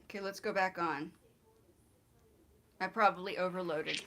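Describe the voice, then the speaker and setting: A woman hosting a casual livestream, playful and quick to laugh, coaching someone on pronunciation. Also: fairly low pitch, steady tone, background noise. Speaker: livestream host.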